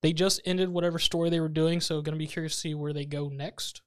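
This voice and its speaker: Man with a higher voice, casual chat. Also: fairly even intonation, fast talker. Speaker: podcast co-host.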